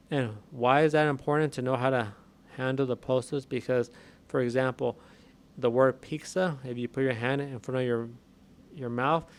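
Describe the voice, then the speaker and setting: A man talking through a microphone setup in a plain, conversational way, repeating points as he goes. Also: mid-range voice. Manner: plain, conversational, repeats himself while explaining. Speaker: tech reviewer. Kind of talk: casual explanatory demo. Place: home room with a window. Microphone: USB dynamic microphone with headset.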